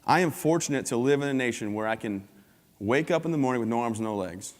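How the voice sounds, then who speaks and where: A man's voice: medium pitch, expressive, fast. A man tells his story to a conference crowd with easy humor and an upbeat, joking manner. His voice sits in the middle range. Long reverb from the large hall trails after each line. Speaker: keynote speaker. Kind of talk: humorous motivational talk.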